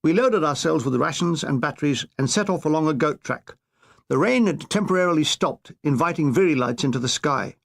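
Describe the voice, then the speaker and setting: Man, comic memoir narration, fairly high voice, lively intonation, wry, deadpan. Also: fairly quick, creaky.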